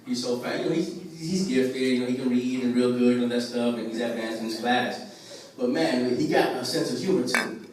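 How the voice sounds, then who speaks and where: A man's voice: mid-range voice, fairly quick, heavy reverb, recorded from a distance, a little hiss or hum, poor audio. A man doing open mic stand-up comedy at a dinner show, with a laid-back, streetwise manner that chats with the crowd. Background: lively crowd laughing.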